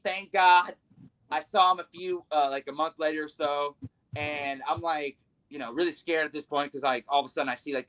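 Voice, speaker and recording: A man's voice: a little high, fairly bright tone, low-quality recording. A male pro wrestler, a guest on a podcast, telling a story casually in a rambling, sheepish, self-mocking way, full of fillers.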